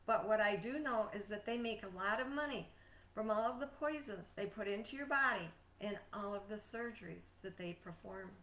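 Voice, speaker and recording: A woman's voice: mid-range voice, normal speed, a bit bright. Earnest woman coach in an echoey room. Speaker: life coach. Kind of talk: scripted motivational talk. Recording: echoey room, distant mic.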